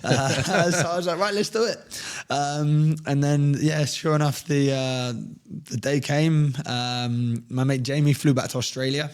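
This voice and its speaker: A man speaks in a middle-pitched, everyday voice. He tells his stories as a podcast guest, easygoing and rambling, often restarting his sentences. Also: fairly even intonation, measured pace, a little mellow, clear, resonant tone. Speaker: guest, fitness coach. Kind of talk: casual storytelling.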